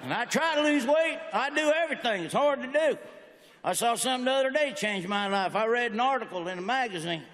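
A man's voice: very high-pitched, expressive, a little fast, a bit bright. A man in his forties doing a stand-up comedy routine with folksy, punchy joke delivery in a large auditorium. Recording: echoey hall with faint noise.

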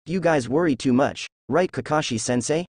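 A man's voice: a little high, moderate pace, darkish tone, no room sound, clean studio sound, lightly acted. A man voicing a playful, optimistic young male ninja in a read-aloud story. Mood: upbeat. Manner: playful, upbeat.

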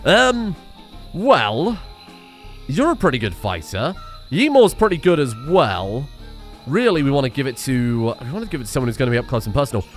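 A man giving excitable, sweary let's play commentary and yelling at the game. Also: medium pitch, moderate pace, soft background music. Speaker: game streamer.

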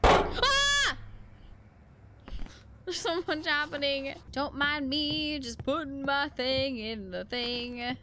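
A woman's voice: high-pitched, steady tone, takes it slowly, few pauses, pushed and bright. A woman gamer commenting to herself as she plays a horror game, full of "like", swearing and nervous gasps, on a noisy home recording. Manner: talks to herself, filler "like", swears and gasps when startled. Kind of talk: casual let's-play commentary.

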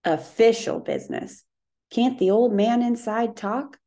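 A woman's voice: a little high, a little slow, mellow, voice pushed up, lightly acted. A woman reading a storybook, voicing a brusque middle-aged male tax collector who speaks in a clipped, authoritative way. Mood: curt, bossy.

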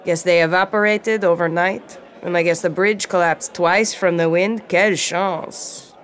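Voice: mid-range voice, fairly even intonation, unhurried, fairly bright tone, natural voice. A narrator voicing a disgusted, tipsy townswoman who slurs and grumbles sarcastically. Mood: challenging.

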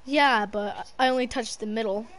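A young woman playing a video game with a friend, yelling, swearing and joking. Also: on the high side, moderate pace. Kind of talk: casual gaming chat.

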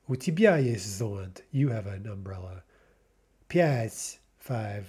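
A man's voice: lowish voice, lively intonation, unhurried, mellow, husky. A man teaching a recorded language lesson, explaining patiently and often checking in with "right?".

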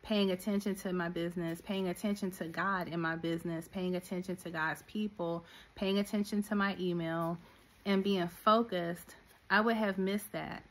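Woman minister-coach, middle-aged, low-set voice, exhorting listeners directly. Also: normal speed. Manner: animated, preachy, talks straight to listeners. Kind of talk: sermon-style teaching.

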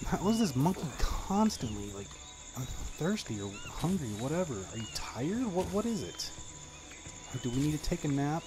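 A man's voice: a little high, moderate pace. A man streaming a video game, chatting to the characters and yelping in panic when things go wrong, with game sounds audible behind him. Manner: excitable, talks to the game characters, yelps in panic; frequent exclamations and filler words. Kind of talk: live gameplay commentary.

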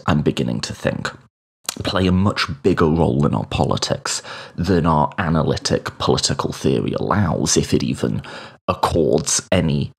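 A man in his thirties with a low, gravelly and husky voice, hosting a solo podcast. His pitch swings widely as he tells a personal story. He sounds reflective and hesitates now and then. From United Kingdom. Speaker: podcast host.

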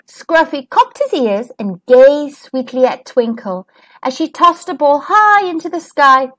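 A woman reading a children's picture book aloud as a storytime host, gentle and expressive. Her voice is high and animated, rising and falling over a wide range. She reads at an unhurried pace. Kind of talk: children's read-aloud narration.

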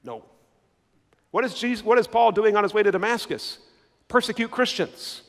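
A man's voice: high-pitched, normal speed, in a large hall. A male pastor preaching an emphatic sermon, repeating key words and putting questions to the congregation.

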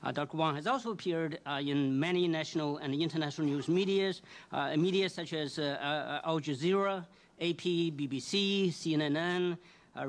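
A man introduces a guest speaker at a formal event, reading out a biography with frequent "uh"s and hesitations. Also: a little high. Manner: halting, with frequent "uh" while reading a bio.

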